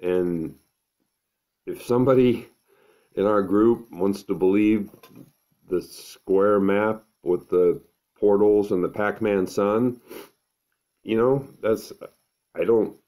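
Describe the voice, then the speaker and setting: A middle-aged man, talking to camera at home in an unhurried, earnest, thinking-aloud way. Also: lowish voice, dark tone. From American Midwest. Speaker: vlogger. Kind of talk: casual to-camera monologue.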